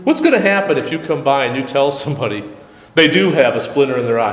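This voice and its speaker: A man's voice: medium pitch, sing-song, fast. A man leading a church study group, teaching in a casual, conversational way and often restarting his sentences. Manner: conversational, frequent restarts, quotes texts aloud. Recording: echoey room with long reverb.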